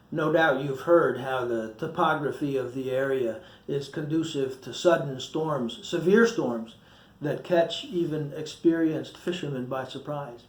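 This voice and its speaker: A man preaches a short sermon in a church. His voice sits fairly high, and his reading is lively, with the quoted voices acted out. The room gives his voice a noticeable echo. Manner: reads with feeling, acting out quoted voices. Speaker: pastor.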